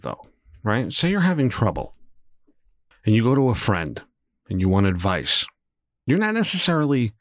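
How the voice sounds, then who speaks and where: A man's voice: on the low side, dry recording, clean studio sound. Candid, rambling man hosting a podcast. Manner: candid, rambling, swears freely, swings between muttering and animated. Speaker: podcast host. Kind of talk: solo podcast monologue.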